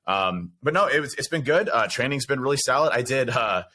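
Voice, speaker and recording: A man's voice: medium pitch, lively intonation, brisk, bright, forceful tone. A man co-hosting a casual podcast chat, talking in an upbeat, rambling way with many fillers. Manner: upbeat, rambling, lots of fillers like "you know" and "uh". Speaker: podcast co-host.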